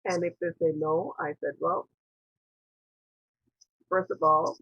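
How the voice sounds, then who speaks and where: Over a tinny, phone-like video call, a woman who works as a spiritual interviewer and priestess shares reflective personal stories in a gravelly, husky, rather low voice. She speaks earnestly and slowly with a steady tone, drifting between tangents and quoting her own past thoughts. The audio is dry and close, without echo.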